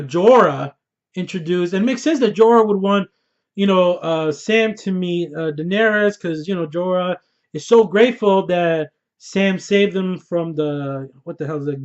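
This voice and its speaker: Hyped high-voiced man reviewing TV. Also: unhurried. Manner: hyped, slangy, swears freely. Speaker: TV episode reviewer. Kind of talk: casual excited review. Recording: dull lo-fi recording.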